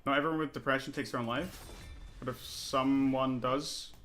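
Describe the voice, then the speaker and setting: During live gameplay of a competitive online title, a man vents angrily, cursing, arguing, and scolding himself for his mistakes. His voice is medium in pitch, slightly bright, and steady at a moderate pace, with a little hiss or hum on the recording.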